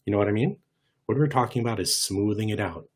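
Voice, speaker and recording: A man giving an online workshop lesson in a lively, conversational way, often demonstrating voice shifts. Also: fairly low pitch, fast, breathy edge. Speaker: workshop presenter.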